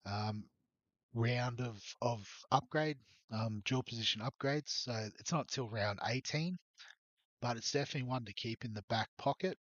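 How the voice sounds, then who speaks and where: In a casual fantasy team walkthrough, a fantasy sports YouTuber with a mid-range voice and moderate pace hesitantly covers his rugby league picks, saying um a lot and hiccuping. There's no echo, and the highs are cut off.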